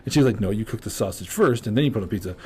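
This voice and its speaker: A man's voice: fairly low pitch, animated, dark tone, breathy edge. A man in his forties, a podcast host chatting and joking with slang. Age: 40s. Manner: chatty, joking, quick reactions, uses slang. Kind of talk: casual chat.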